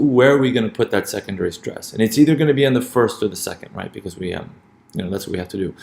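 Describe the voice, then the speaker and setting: A man's voice: on the low side, vocal fry, reverberant. A man teaching a lesson on word stress, hesitant, often repeating words and checking in with "right?".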